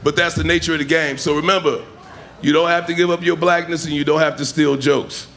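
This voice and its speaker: A man's voice: on the high side, little pitch movement, brisk, vocal fry, a bit bright. A man doing stand-up on a comedy club stage, talking conversationally and tossing in punchy asides. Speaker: stand-up comic. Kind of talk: stand-up storytelling.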